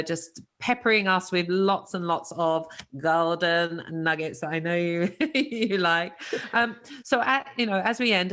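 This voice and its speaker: A woman's voice: on the low side, a bit bright. A British woman hosting an interview, laughing often as she talks. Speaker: interview host. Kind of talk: interview conversation.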